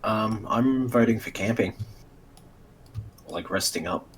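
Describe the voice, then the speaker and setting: A man's voice: lowish voice, takes it slowly, fairly bright tone, slight background noise. A man playing in a tabletop game, casually thinking aloud. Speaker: player.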